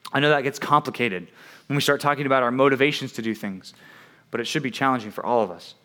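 A male youth preacher with a voice of ordinary pitch, neither high nor low. He talks to his young listeners casually, checks in with "right?" and slips into playful voices for the people he quotes. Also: quick pace, a bit bright. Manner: conversational, keeps asking "right?" and acts out quoted voices.

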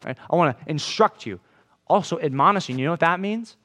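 This pastor's voice is a little high, expressive, and sharp in tone, and he talks fairly quickly. Addressing a congregation in a room, he keeps the sermon conversational, asking "right?" and acting out quoted lines in different voices.

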